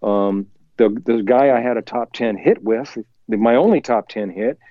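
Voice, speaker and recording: A man's voice: medium pitch, no room sound. Guy telling a story from his home studio, does little voices for people he quotes, kinda muffled dry sound. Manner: lively, acts out quoted voices, chuckles while telling; talks faster when excited. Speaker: musician guest. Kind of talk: anecdotal storytelling in an interview.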